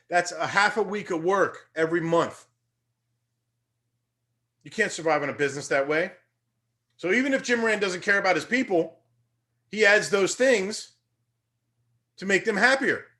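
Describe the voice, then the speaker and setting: Young guy teaching, kinda high voice, chatty motivational talk that gets punchy. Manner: energetic, conversational, rising to emphatic bursts. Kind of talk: motivational lecture.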